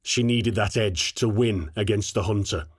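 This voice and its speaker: Man, low voice, steady audiobook narration, very dry studio sound. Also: moderate pace, breathy edge, dry recording.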